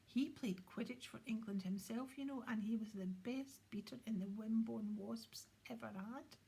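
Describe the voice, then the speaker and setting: A woman playing an eager, easily flustered wizard father from a storybook. He fumbles over his words in a lifted voice. The tone stays breathy throughout. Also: a little high, normal speed, dark tone. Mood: fond. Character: cheerful, flustered middle-aged wizard father.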